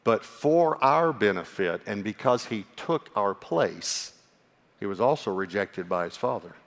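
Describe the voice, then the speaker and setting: A man preaching a sermon as a pastor, earnest and personal, sometimes dropping to a hushed voice for emphasis. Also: fairly low pitch, animated, a little slow, vocal fry. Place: church. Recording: long hall reverb.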